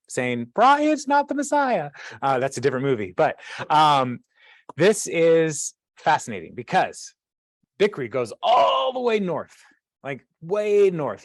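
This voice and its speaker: A man's voice: mid-range voice, no room sound, studio quality. A man hosting a Bible study, reading scripture aloud and breaking off into casual, chatty commentary with frequent laughter and side tangents. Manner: chatty, laughs often, wanders off-topic.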